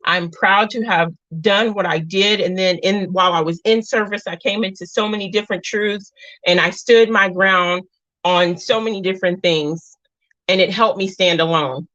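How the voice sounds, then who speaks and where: A middle-aged woman hosting a casual livestream, chatting warmly and affectionately with her viewers, calling them girl and mama. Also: lowish voice, moderate pace, dry recording. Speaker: livestream host. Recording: dull lo-fi dry sound.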